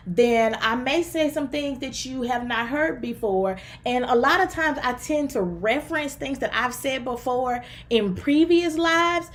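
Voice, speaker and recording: Southern woman, country twang, fairly high voice, chatty relationship coach talking to live viewers. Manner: chatty, upbeat, talks straight to viewers. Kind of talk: casual livestream talk.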